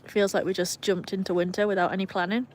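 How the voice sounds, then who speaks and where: A woman's voice: medium pitch, level tone, fast. A young British woman hosting a casual live stream from her phone outdoors, chatting and reading viewer comments aloud with a self-mocking manner. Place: outdoors in cold weather with her dogs.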